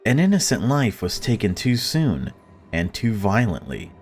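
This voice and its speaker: A man's voice: fairly low pitch, wildly swooping pitch, unhurried, faint music behind. A young man reading a horror visual novel aloud, with joking commentary between the lines. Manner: jokey, laughs at himself. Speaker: gaming YouTuber.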